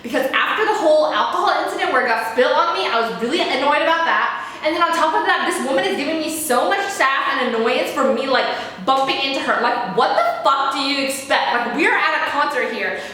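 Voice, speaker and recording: High bright young woman ranting fast. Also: expressive, a little hiss or hum. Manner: fast, frantic, repetitive, swearing. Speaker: vlogger. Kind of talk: casual storytime rant. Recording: very echoey room.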